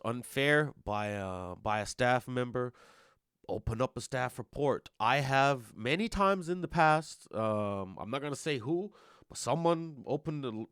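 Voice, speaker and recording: Man, staff lead at a community meeting, mid-pitched, very dry close sound, loose stop-start delivery. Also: fairly bright tone, clean tone, dry recording. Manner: rambling, stop-start, repeats words. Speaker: roleplay server staff lead. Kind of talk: casual community meeting talk.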